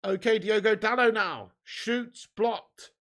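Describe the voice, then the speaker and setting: Slow and high-voiced, a young man hosts a live football watch-along, giving commentary and reading comments from viewers. He swears often, laughs a lot, banters with his audience and gets excited when chances and goals happen.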